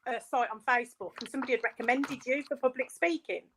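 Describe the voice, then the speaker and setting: Brummie woman guest, high voice, rambling casual chat. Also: fast talker, fairly bright tone, slight background noise. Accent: Birmingham (Brummie). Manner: chatty, rambling, lots of fillers.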